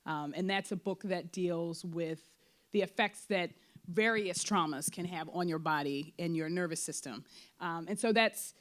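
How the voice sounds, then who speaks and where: A woman speaking candidly at a post-show talkback about her play, full of fillers and quick acted-out bits of her own thoughts. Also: fairly low pitch. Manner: animated, frequent fillers, acts out quoted thoughts. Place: theater before an audience.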